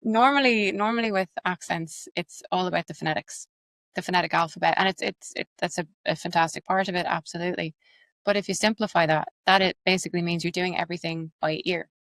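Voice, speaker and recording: An Irish woman explains accent work with quick, lively energy, using examples. Her voice sits a little low. The sound is close and dry. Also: no echo. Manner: fast, animated, explains with examples. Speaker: accent coach and actress, guest. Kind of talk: explanatory interview talk.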